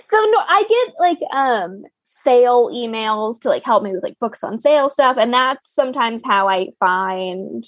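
A woman's voice: fairly high pitch, lively intonation, measured pace, hardly any pauses, no room sound. A woman co-hosting a book podcast, chatting casually and hesitantly, with lots of fillers and giggles. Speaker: podcast co-host.

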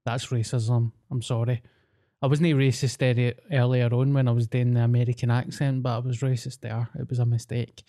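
With a flat, dark-toned delivery at medium pitch, a Scottish man talks a little fast while co-hosting a podcast. The chat is casual, and he plays the self-mocking storyteller, telling tales against himself.

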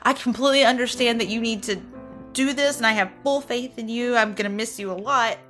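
A woman's voice: on the high side, fairly quick, lightly acted. A woman voicing a warrior queen who halts and restarts through an earnest, heartfelt farewell. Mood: tender. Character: adventurer queen saying a tearful farewell. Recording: music playing underneath.

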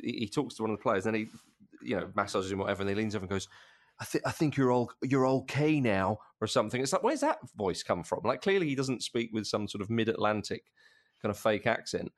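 A man talking about a film in a casual podcast chat, lively and full of restarts. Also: fairly low pitch, fast. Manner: animated, with many restarts and laughs. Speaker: podcast co-host.

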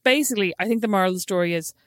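A woman co-hosting a podcast who rattles off gossip at a fast clip. Her delivery is chatty and giggly, on a dry, close studio mic. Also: medium pitch, a bit bright, dry recording. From Ireland. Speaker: podcast co-host. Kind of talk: casual chat.

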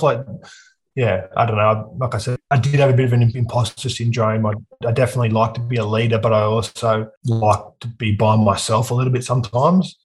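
A man's voice: medium pitch, poor audio. Sweary Australian man telling his story. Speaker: podcast guest. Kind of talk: casual conversation.

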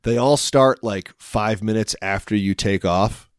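A man with a fairly low voice co-hosts a loose podcast conversation. He jokes, swears freely and drifts into mock accents. The sound is dry and close, with no room behind it. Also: unhurried, smooth, dry recording. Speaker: podcast co-host. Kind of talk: casual chat.

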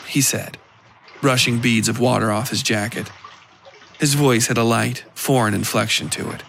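A man reading a dark fiction story aloud in a measured narration style. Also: mid-range voice, fairly even intonation, vocal fry, slight background noise. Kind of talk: scripted horror story narration.

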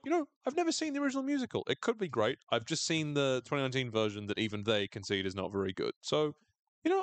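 Recapping a show alongside his podcast partner, this man keeps things casual, jokey and sardonic, with plenty of swearing. He has a smooth, fairly low voice that's a bit bright, captured in a dry recording.

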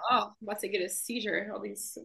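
A woman co-hosting a podcast, chatty and apologetic, quick to laugh. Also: medium pitch, steady tone, creaky, a loud crowd. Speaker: podcast co-host. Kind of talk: casual chat.

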